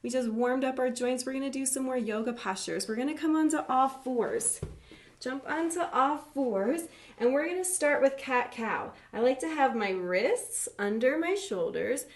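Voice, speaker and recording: A woman leading a live online yoga class for kids, gentle, encouraging and playful as she talks through each pose. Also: sits high, moderate pace, echoey room. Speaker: yoga teacher for children.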